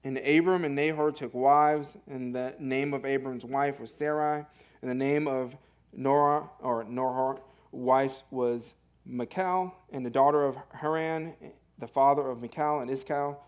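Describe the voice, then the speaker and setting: In a church sanctuary, a young pastor preaches a sermon in a conversational, earnest way, using fillers and correcting himself. His mid-range voice moves a little slowly.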